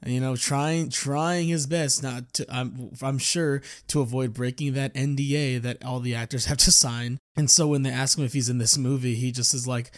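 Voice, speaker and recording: A man's voice: mid-range voice, steady tone, normal speed, few pauses, dry recording, studio quality. A man hosting a podcast on his own, chatting casually to listeners in a rambling way and often restarting his sentences. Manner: rambling, self-correcting, chatty. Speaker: podcast host. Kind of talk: casual solo chat.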